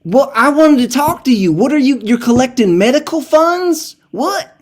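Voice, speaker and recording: A man's voice: extremely high pitch, lively intonation, moderate pace, pitched above the performer's own voice. A man putting on a confused, crude caller with an exaggerated Southern accent for a prank phone call. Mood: baffled.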